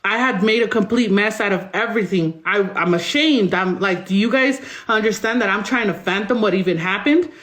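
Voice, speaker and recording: A woman's voice: medium pitch, normal speed, few pauses, a bit bright, poor audio. A woman telling her own hard story as an interview guest, emotional and rambling, swearing often. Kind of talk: raw personal storytelling.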